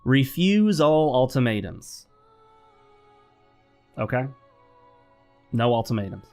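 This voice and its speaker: A man hosting a gameplay vlog, giving advice in a calm, instructive tone. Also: medium pitch, takes it slowly, soft background music. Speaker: gaming channel host. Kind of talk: advice talk over gameplay.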